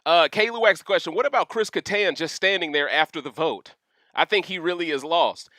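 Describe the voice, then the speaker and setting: A young man hosting a casual livestream rant, reading chat questions aloud and talking in an animated, slangy way full of asides. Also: on the high side, fairly quick, no echo, studio quality. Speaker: livestream host.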